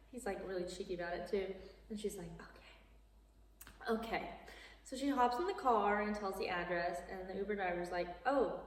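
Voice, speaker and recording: A young woman vlogger casually recaps a film's plot, chatty and amused, acting out quotes with little character voices and lively jumps in pitch. The recording is roomy and echoey, picked up from a distance.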